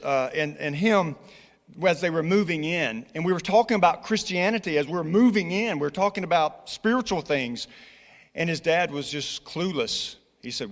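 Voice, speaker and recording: A man with a Scottish accent, a college's church relations director, earnestly urging a congregation and telling personal stories with frequent restarts. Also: high-pitched. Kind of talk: church presentation with personal story. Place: church sanctuary. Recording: long reverb in a large church hall.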